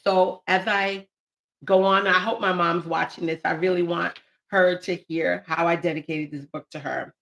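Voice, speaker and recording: A woman in her late forties hosting a live stream, talking warmly and emotionally about her poetry book and the people she dedicated it to. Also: on the low side, moderate pace, vocal fry, highs cut off. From United States. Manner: heartfelt, emotional, animated bursts. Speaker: channel host and poet.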